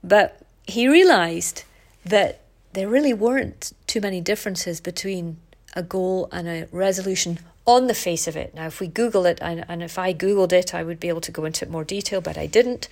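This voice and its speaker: Hosting a podcast, a middle-aged woman delivers a casual, reflective monologue at a moderate pace. Her voice sounds congested and stuffy, and she's candid and chatty, frequently jumping up in pitch.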